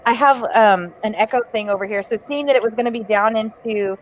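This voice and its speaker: A woman's voice: fairly high pitch, fairly quick, low-quality recording. A woman from Ohio chatting in an easygoing way on a casual video call. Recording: faint background noise.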